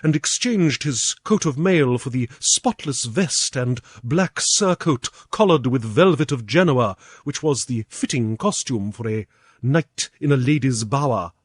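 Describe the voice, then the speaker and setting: Brit guy reading a storybook out loud, lively up and down voice, dry close mic. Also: medium pitch, slightly rough, no echo. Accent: British. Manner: measured, expressive reading. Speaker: audiobook reader. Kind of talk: storybook narration.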